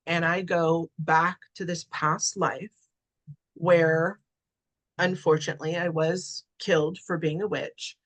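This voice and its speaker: A woman's voice: lowish voice, a bit bright. A middle-aged woman, a podcast guest, telling a personal story in a chatty way, with lots of "right?" and "like". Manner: chatty, many fillers like "right?" and "like". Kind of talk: casual storytelling.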